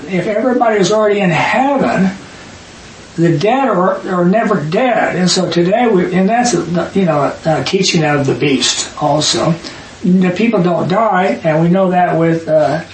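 A man leading a Bible study, reading verses aloud and arguing his points emphatically with quick asides. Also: sits high. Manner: emphatic, rapid asides, reads scripture aloud. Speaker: Bible teacher. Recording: echoey room, distant mic, faint hiss.

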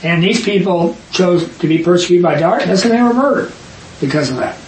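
A man leading a Bible study, reading verses aloud and arguing his points emphatically with quick asides. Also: high-pitched, animated, a little mellow. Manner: emphatic, rapid asides, reads scripture aloud. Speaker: Bible teacher. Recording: echoey room, distant mic, faint hiss.

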